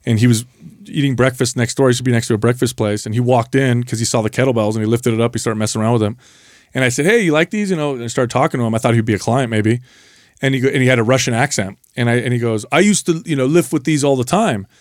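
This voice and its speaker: A man's voice: mid-range voice, steady tone, rapid-fire, dry recording, clean studio sound. A man co-hosting a casual fitness podcast, explaining points and retelling stories with emphasis. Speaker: podcast co-host.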